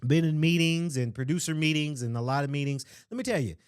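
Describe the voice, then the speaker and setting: Hype-man podcast host, slightly high voice. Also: expressive, fast talker, smooth. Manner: hype-man energy, shout-outs and catchphrases; rambling, loose and conversational. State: throat a bit strained from shouting. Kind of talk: casual solo podcast talk.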